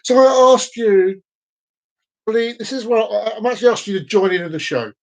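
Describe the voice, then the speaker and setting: A man with a notably high speaking voice hosts his own live stream. He rambles along, circling back to repeat phrases and often tripping over his words in a loose, casual delivery. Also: moderate pace, poor audio.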